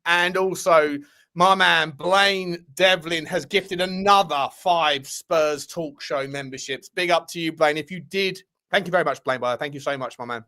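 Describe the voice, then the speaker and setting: Host, man, high, bright voice, excitable, shouts out viewers. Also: moderate pace. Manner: excitable, thanks viewers by name. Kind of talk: casual live-stream chat.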